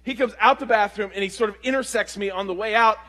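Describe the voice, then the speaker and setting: A male pastor telling a story in a sermon, animated and swinging between loud and hushed delivery. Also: sits high, quick pace.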